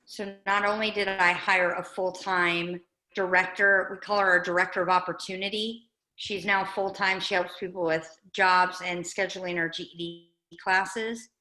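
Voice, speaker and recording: Earnest woman speaker, bright voice. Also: on the low side, little pitch movement, moderate pace, echoey room, low-quality recording. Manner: earnest, conversational, with fillers. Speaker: guest speaker, nonprofit director. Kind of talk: informal update talk at a meeting.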